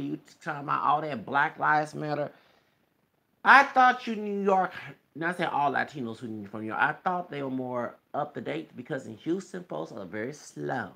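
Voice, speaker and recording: A man's voice: a little high, creaky, a bit bright. A man delivering a heated, rambling vlog rant to camera, pressing each point home with a repeated "okay?". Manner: insistent, repeatedly tags sentences with "okay?". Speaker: video blogger. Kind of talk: heated ranting monologue. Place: Texas.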